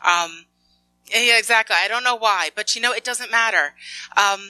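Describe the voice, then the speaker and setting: A woman's voice: a little high, normal speed, smooth, no echo, poor audio. A woman working in information security, giving a storytelling talk full of acted-out dialogue and light laughs. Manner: lively anecdotal storytelling, acts out dialogue.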